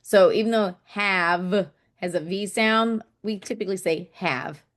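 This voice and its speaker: A woman's voice: medium pitch, unhurried. A woman teaching a casual online poetry lesson, chatty and thinking aloud, saying "okay" often and tapping out syllables and stresses.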